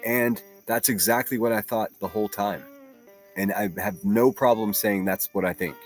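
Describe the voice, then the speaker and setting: A man's voice: lowish voice, normal speed, faint music behind. Blunt, profane man hosting a stream. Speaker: livestream commentary host. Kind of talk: casual reaction commentary.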